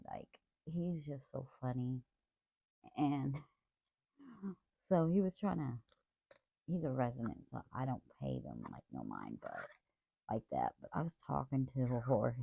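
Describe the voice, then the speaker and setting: Lady vlogger rambling slowly and saying sorry a lot, dry close sound, kinda lo-fi like a phone. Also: a bass voice, vocal fry, slightly rough, dry recording. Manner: rambling, apologetic, chatty. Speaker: craft vlogger. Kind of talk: casual chat.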